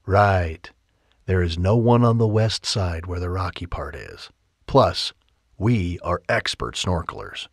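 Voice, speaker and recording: An earnest, remorseful young man from a romance audiobook, voiced by a male narrator close to his own voice. Low and husky, with emphatic lines and dry, close-miked sound. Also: lively intonation, takes it slowly, dry recording, exaggerated voice. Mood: eager.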